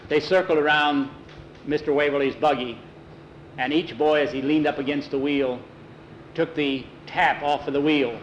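A man tells a spoken story with lively delivery and slips into character voices. His voice sits a touch high, and faint ambience hums behind him. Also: normal speed, lo-fi sound, a little hiss or hum.

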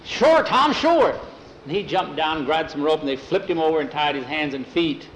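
A man spinning a western yarn aloud in a folksy, unhurried manner, peppering it with "he says." His voice sits a touch high for a man. A faint hiss of noise runs underneath. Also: fairly even intonation, low-quality recording. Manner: folksy, repeating "he says" between lines. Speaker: storyteller. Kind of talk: oral storytelling.

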